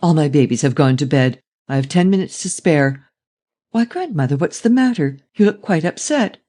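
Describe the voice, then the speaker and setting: A man's voice: a little high, lively intonation, moderate pace, mellow. A man voicing a cheerful young woman schoolteacher in a raised, light voice. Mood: concerned.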